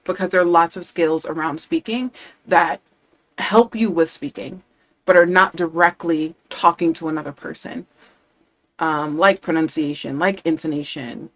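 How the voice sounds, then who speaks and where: A woman language coach in casual live-stream chat, enthusiastic and chatty, laughing often as she talks. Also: low-pitched.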